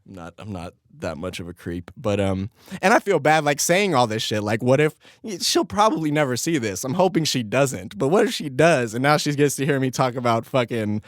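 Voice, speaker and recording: A young man rambles through an embarrassing story on his own podcast, cursing and breaking into laughter between lines. His voice sits at an ordinary middle pitch, and the recording is close and dry, with no room sound. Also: no echo. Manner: laughs often, crude and self-mocking. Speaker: podcast host. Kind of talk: casual storytelling monologue.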